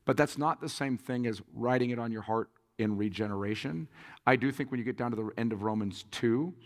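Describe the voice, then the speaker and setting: A pastor answering audience questions at a conference, telling stories with lively acted-out quotes and frequent laughter. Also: male voice, on the low side, long reverb tail. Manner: animated storyteller, acts out quotes, laughs often. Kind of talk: conference Q&A talk.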